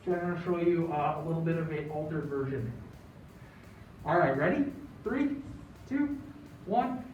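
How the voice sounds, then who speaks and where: In a large echoey room, picked up by a distant, dull mic with slight background noise, an instructor leads a broadcast home workout. The mid-range voice is brisk and fairly even, encouraging viewers and counting down between moves.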